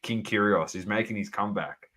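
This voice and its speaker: A man's voice: on the low side, a little fast, a bit bright. An Australian man co-hosting a sports podcast, chatting casually in blunt, sweary slang. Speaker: podcast co-host.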